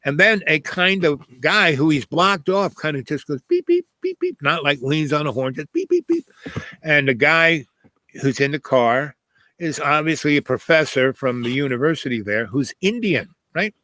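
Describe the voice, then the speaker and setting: A man's voice: a little high, moderate pace, sharp tone, dry recording, low-quality recording. A man telling a personal anecdote in a casual, rambling way, full of fillers and asides. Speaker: host telling a personal story.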